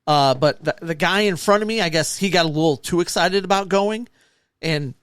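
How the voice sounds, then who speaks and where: A man's voice: on the high side, moderate pace, smooth, dry recording, studio quality. A man co-hosting a casual podcast, telling stories and acting out the people in them. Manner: animated anecdotes acting out quoted people. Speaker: podcast co-host. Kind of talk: casual chat, storytelling.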